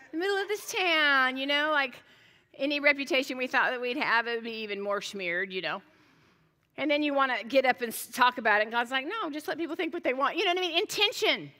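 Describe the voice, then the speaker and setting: A woman's voice: sits high, sharp tone, big-room sound. A middle-aged woman pastor preaching a sermon, telling stories in a chatty way, with restarts and joking asides.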